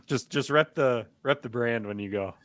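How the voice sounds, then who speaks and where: A man co-hosting a sports podcast, rambling in a relaxed way with lots of fillers and restarts. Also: mid-range voice, normal speed, dry recording. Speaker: podcast co-host. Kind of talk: casual sports chat.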